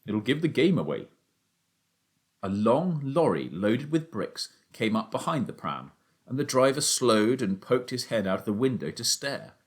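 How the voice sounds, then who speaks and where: A man's voice: mid-range voice, moderate pace. A man reading a children's novel aloud as a first-person audiobook narrator. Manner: expressive storytelling, narrating as a boy.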